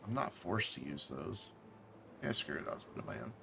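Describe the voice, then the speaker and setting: A man's voice: lowish voice, animated, fairly quick, gravelly, noisy background. A man casually commenting while playing a game on a live stream, thinking aloud, correcting himself and dropping jokey asides.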